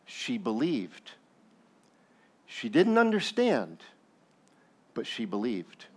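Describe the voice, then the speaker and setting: A man's voice: mid-range voice, wildly swooping pitch, slow pace, a little mellow, husky. A male pastor preaching a sermon, telling the story with jokes and acted asides.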